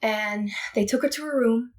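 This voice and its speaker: A young woman from Puerto Rico, a podcast guest, retelling a family story in an animated, emphatic way with many restarts. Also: on the high side, moderate pace. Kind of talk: casual storytelling.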